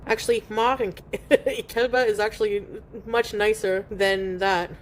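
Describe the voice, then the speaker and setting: A woman's voice: medium pitch, fairly even intonation, a little slow, slight background noise. A woman live streaming from home, chatting casually and reading viewer comments aloud while she eats. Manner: chatty and rambling, eating while talking.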